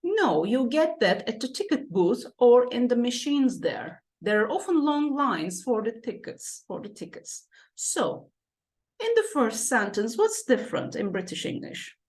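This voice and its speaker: A native Turkish woman explains English vocabulary slowly and patiently, her fairly high voice rising and falling a lot. She often repeats words and checks back with the listener, like a teacher at the board. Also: big pitch swings, a little mellow. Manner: patient, repeats key words, asks "okay?" and "right?" often. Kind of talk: classroom-style explanation.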